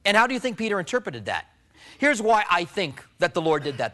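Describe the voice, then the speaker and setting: A male pastor preaching a sermon, storytelling with loud emphasis that drops to low hushed tones. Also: very animated, quick pace.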